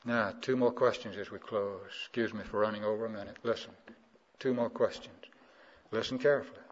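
A man from South Carolina delivers a sermon in a call-and-response rhythm, pressing listeners to answer back. He talks fairly quickly with fairly even intonation, yet drops low and quiet before rising loud and high on key words. The old recording sounds dull and muffled.

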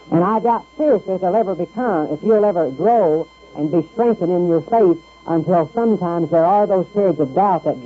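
A man with a high, husky voice delivers a radio sermon in an easy, conversational way. He stumbles and restarts now and then, and he acts out the voices he quotes. The sound is thin and phone-like, with faint music underneath. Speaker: preacher.

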